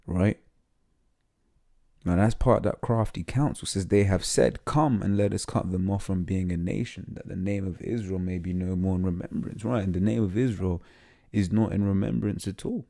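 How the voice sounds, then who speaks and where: A man giving informal scripture teaching, talking haltingly with many fillers and restarts, and reading passages aloud with some stumbling. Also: low voice, steady tone, creaky, mellow. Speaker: religious teacher.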